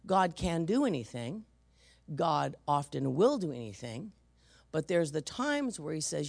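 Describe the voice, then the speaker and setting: A middle-aged woman preacher from San Francisco delivers her sermon through personal stories, her voice a touch low and gravelly. She lets her pitch rise and fall widely and punches the voices of the people she quotes. The sound is close and dry, with no room around it. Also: very animated, moderate pace, darkish tone, no room sound. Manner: storytelling, acts out quoted voices, emphatic.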